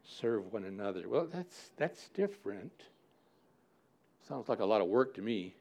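A man's voice: mid-range voice, very animated, unhurried, gravelly, a little mellow. A man preaching a sermon as pastor, acting out listeners' objections with mock indignation and repeating key words to drive his points home.

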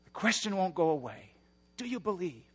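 Dynamic male preacher, fairly high voice. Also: sing-song, moderate pace, husky, big-room sound. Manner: dynamic preaching, swings from hushed to shouting. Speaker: pastor. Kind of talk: sermon.

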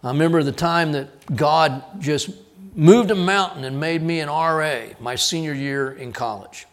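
Middle-aged male pastor, higher-pitched voice, lively storytelling sermon with acted-out lines. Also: normal speed. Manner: animated storytelling, acting out dialogue.

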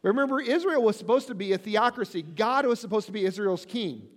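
A man's voice: high-pitched, lively intonation, fast talker. A male pastor preaching a sermon in a conversational way, often asking "right?" and reading scripture aloud with wry asides. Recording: long hall reverb.

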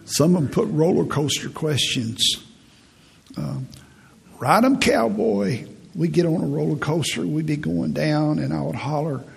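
A man in his fifties with a raspy voice, preaching a folksy, humorous sermon as a pastor. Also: on the high side, normal speed, darkish tone, in a large hall. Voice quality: raspy, gravelly. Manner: storytelling, humorous, laughs at own stories.

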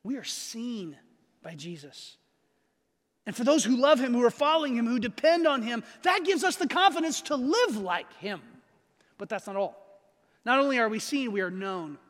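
A man's voice: extremely high pitch, animated, moderate pace, a bit bright, long reverb tail. A man preaching a sermon to his congregation in a conversational way, often checking in with "right?". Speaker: pastor.

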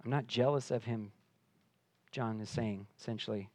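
A man preaching a sermon, swinging between hushed, intimate passages and loud, emphatic declarations. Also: fairly low pitch, steady tone, normal speed, pauses often, no room sound. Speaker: pastor.

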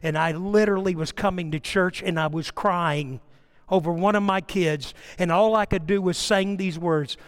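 An older male pastor delivers a sermon, weaving personal family stories into scripture. His voice sits fairly high for a man and swells with passion as he drives home each point. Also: steady tone, moderate pace, clear, resonant tone. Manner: impassioned, storytelling preacher with swelling emphasis.

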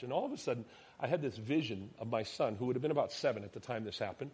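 A man in his thirties, a pastor preaching a sermon, telling a personal story and acting out the dialogue, dropping to soft, quiet tones at tender moments. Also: mid-range voice, quick pace, husky. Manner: animated storyteller, acts out quoted dialogue, drops to soft tones.

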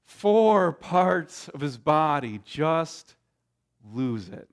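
A man preaching a sermon, emphatic, with dramatic pauses and frequent restarts. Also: a little high, big pitch swings. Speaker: pastor.

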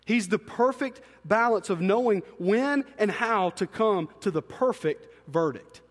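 A man preaching a sermon, animated, swinging between hushed asides and loud emphatic peaks. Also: high-pitched, unhurried. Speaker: pastor. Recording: long reverb in a large hall.

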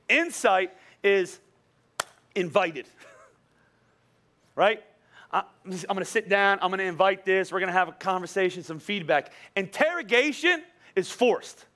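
A middle-aged male pastor delivers a sermon with a high, bright voice. He tells stories animatedly, slipping into quoted dialogue and firing rhetorical questions at the congregation.

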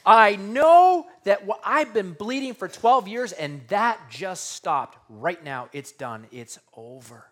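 A man's voice: sits high, big pitch swings, slow pace, hardly any pauses, fairly bright tone, full character voice. A man playing a woman who has just been healed, speaking with amazed relief.

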